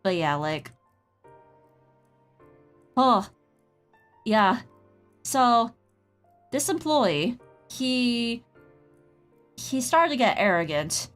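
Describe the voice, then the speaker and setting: A woman's high, sing-song voice stretches out her words and leaves long pauses as she draws on stream. The streamer and artist wanders through a casual story, saying "like" constantly and stopping to greet chat, with faint music underneath.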